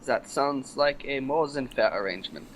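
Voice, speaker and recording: A man's voice: medium pitch, normal speed, a little hiss or hum, low-quality recording. A man playing a tabletop game, speaking politely and formally in character. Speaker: player.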